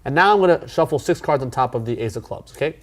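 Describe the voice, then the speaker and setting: A man teaching a card magic routine in a casual tutorial, talking in a relaxed way with plenty of fillers and restarts. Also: medium pitch, quick pace.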